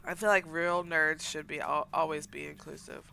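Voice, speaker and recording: A woman from the American South with a Southern accent, chatting casually and excitedly while playing a game, rambling with lots of fillers. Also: sits low, moderate pace, vocal fry, a little hiss or hum. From Southern United States. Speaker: gaming channel host.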